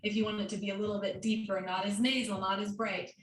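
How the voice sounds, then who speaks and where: A woman appears as a guest voice coach, teaching an online singing lesson in an upbeat manner and demonstrating odd sounds. She talks fast in a mid-range voice with a level tone. The recording sounds roomy, with a distant mic and faint noise.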